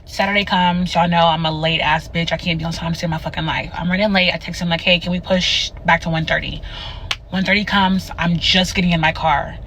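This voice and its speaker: A young woman vents to her phone camera in a loose, chatty way, laughing at herself. Her voice is bright and forward, with a faint hum of noise behind her. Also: on the low side, steady tone, a little fast, poor audio. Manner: candid, chatty, self-mocking. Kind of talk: casual vlog rant.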